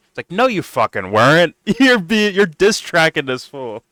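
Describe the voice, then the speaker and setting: A man giving casual, profane reaction commentary on video clips, excitable and laughing often. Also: fairly high pitch, a little fast, few pauses, dry recording. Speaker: reaction streamer.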